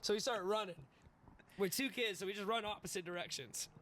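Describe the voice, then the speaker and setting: A young man in his twenties, a podcast guest telling a wild story in an animated, profane way, laughing and acting out the voices. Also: sits high, brisk, slight background noise. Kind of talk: casual storytelling.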